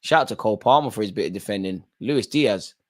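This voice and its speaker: A man's voice: fairly low pitch, expressive, quick pace. A man hosting a live football watchalong, calling out players by name and bantering in casual slang. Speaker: watchalong host.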